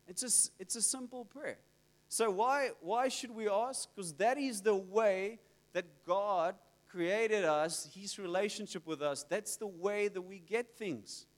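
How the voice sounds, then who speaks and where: Man, pastor, sermon, animated storyteller, high voice, long hall reverb. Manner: animated storytelling, acts out quoted prayers.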